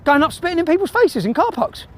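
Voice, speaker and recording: A man's voice: extremely high pitch, big pitch swings, quick pace. A man with an aggressive, swearing manner, confronting a stranger outdoors on a phone camera. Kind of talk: heated street confrontation. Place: outdoor car park.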